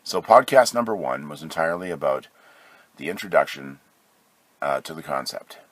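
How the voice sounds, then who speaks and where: Very deep, husky-voiced sick man. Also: lively intonation, moderate pace, a bit bright, no room sound. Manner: loose, hesitant, many fillers and self-corrections. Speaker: podcast host. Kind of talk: casual solo podcast monologue. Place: at home.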